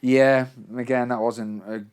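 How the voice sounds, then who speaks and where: A man's voice: medium pitch, unhurried. Young man chatting casually. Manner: relaxed, laughing, quotes himself. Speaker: podcast co-host. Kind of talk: casual chat.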